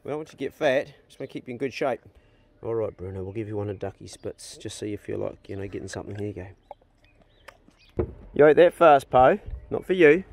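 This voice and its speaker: A man's voice: lowish voice, fairly even intonation, rapid-fire, vocal fry, a little mellow. A man, casually vlogging outdoors on his rural property and coaxing his dogs and ducks in a sing-song voice. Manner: easygoing, chatty, coaxing animals in a raised sing-song voice. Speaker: vlogger feeding his dogs and farm animals. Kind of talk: casual outdoor vlog, talking to animals. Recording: music playing behind the voice.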